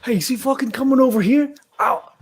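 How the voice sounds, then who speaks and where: A man voicing an excitable Brooklyn-born criminal in a tabletop game, talking in a rambling rush. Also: very high-pitched, fairly quick, slight background noise. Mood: excited.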